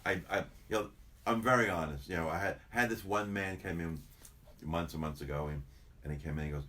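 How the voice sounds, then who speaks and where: A man's voice: low-pitched, a little fast, sharp tone, a little hiss or hum. An older man, a chiropractor, chatting casually in an interview, rambling and repeating himself as he tells stories. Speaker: chiropractor guest.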